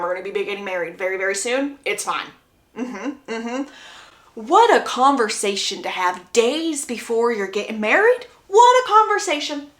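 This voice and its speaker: A woman's voice: fairly high pitch, bright, forceful tone, echoey room. A woman casually retelling a book's plot, chatty and acting out the quotes. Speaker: book summary creator.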